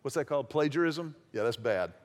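A man's voice: medium pitch, animated, fairly quick. A man preaching a sermon in a conversational, self-deprecating way, acting out little quoted exchanges. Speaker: pastor.

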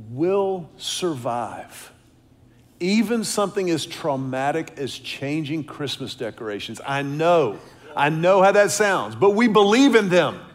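A middle-aged man speaking to his congregation, measured and dryly humorous. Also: on the high side. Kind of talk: church talk.

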